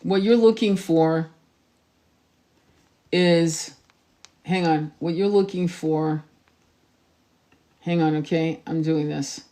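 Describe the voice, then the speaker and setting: Lady streamer, kinda low voice, rambling and cussing while she searches stuff. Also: slow pace, pauses often, dark tone. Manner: distracted, swears, searching online while talking. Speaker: tarot reader livestream host. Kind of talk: casual livestream chat.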